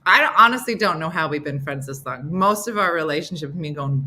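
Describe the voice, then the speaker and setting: A woman's voice: animated, brisk, bright, forceful tone. A middle-aged woman hosting a casual live morning chat, playful and teasing as she talks to her viewers. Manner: playful, teasing, bursts into high silly voices for others. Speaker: live show host.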